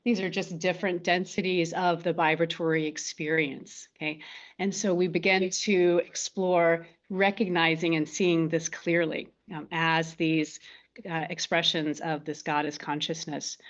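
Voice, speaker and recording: A woman with a fairly low voice gives a meditation teaching to a group. She speaks gently and keeps checking in with her listeners. The sound is muffled and lo-fi, like an online talk. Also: level tone, unhurried. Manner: gentle, often ends phrases with "right?" and "okay?".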